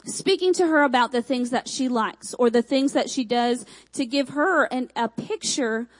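A young woman from Michigan who speaks with a Texan accent preaches a sermon in a high-pitched voice, using emphatic repeated phrases and quick asides. The recording is rough.

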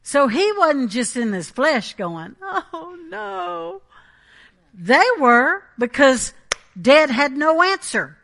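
Bright-voiced woman preaching emphatically. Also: high voice, big pitch swings, slow pace. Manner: emphatic, checks in with the congregation. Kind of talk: Pentecostal sermon.

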